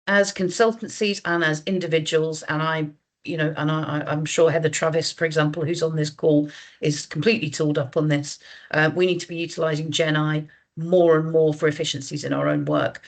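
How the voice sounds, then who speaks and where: A woman presenting on a video call webinar, talking in a conversational way with frequent fillers and restarts. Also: low voice. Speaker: guest speaker.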